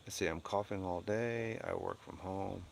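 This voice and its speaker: A man's voice: low-pitched, steady tone, moderate pace, creaky, slight background noise. A middle-aged man at home, chatting blunt and opinionated on a live stream as he reads and answers his chat, rambling with restarts. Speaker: livestreamer reading and answering chat.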